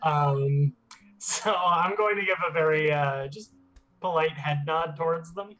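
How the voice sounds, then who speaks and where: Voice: medium pitch, unhurried, fairly bright tone, dull audio. A player in a tabletop role-playing game, speaking in a dry, wry way. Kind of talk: casual tabletop role-play.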